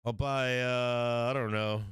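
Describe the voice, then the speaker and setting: A man's voice: medium pitch, steady tone, slow pace, fairly bright tone, clear, resonant tone, no room sound. A man hosting a livestream market show, talking trading in a brash, profane, rambling way and laughing often. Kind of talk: casual livestream trading talk. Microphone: studio microphone.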